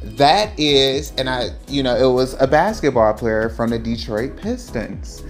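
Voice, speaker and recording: A man telling a casual storytime over a nail art tutorial, animated and acting out the quotes. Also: unhurried, soft background music. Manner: animated, acts out quotes in higher voices.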